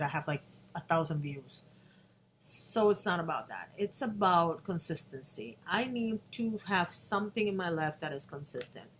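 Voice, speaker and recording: A woman in her fifties speaks to her camera in a personal vlog, her voice sitting a little low. She talks earnestly, restarting her sentences often. Faint room noise hums behind her. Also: a bit bright. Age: 50s. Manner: earnest, with restarts, emotional at times. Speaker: vlogger.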